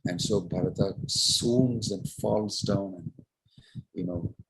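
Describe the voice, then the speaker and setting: A man retelling a scripture story as a preacher, unhurried and full of fillers. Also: fairly low pitch, very animated, vocal fry, poor audio. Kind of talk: sermon storytelling.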